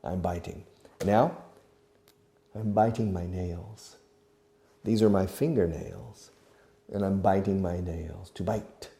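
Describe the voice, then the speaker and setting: A man teaching English to beginners, explaining slowly and repeating key words with short asides. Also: low-pitched, warm tone. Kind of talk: slow classroom explanation to learners.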